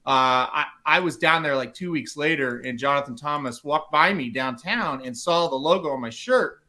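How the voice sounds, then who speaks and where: A man co-hosting a casual podcast, telling animated stories and laughing often. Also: on the high side, normal speed. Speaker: podcast co-host, site owner.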